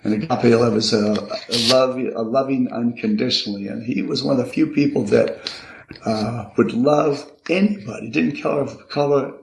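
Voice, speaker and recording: Gravelly older man in an echoey room. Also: mid-range voice, slight background noise. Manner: earnest, halting with repeated restarts. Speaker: guest. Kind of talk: reflective personal storytelling. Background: card shuffling.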